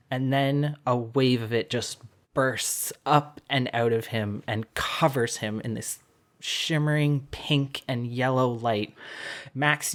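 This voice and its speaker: A man narrating a tabletop game as dungeon master, describing scenes in an unhurried storytelling way. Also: mid-range voice, a bit bright.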